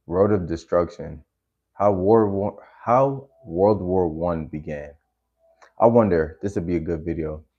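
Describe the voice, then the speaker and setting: A man's voice: sits low, mellow. A man chatting casually on a stream while reacting to videos, laid-back and rambling, using lots of slang. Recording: slightly dull lo-fi audio.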